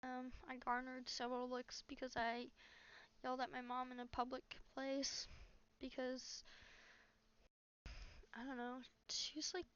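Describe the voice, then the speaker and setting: A young woman venting in a casual, rambling monologue, halting often, swearing a lot and dropping to a near whisper. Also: sits high, completely flat delivery, fairly bright tone, clean tone. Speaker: vlogger. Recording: dull lo-fi recording.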